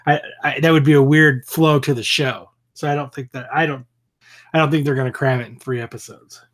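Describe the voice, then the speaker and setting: A man's voice: mid-range voice, steady tone, brisk. A man co-hosting a fan podcast, chatting casually, swearing freely and often trailing off mid-thought. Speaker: podcast co-host.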